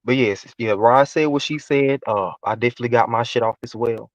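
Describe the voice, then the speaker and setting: A man's voice: mid-range voice, fairly quick, dry recording, lo-fi sound. A man talking as a guest on a casual live stream panel, explaining himself defensively.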